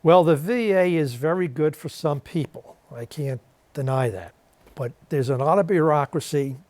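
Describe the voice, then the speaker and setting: A man's voice: on the high side, normal speed, a little mellow, dry recording. A man with a New York accent, a guest on a TV interview show, telling a story and acting out the voices of the people in it. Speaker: guest, interviewer of war veterans. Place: TV studio.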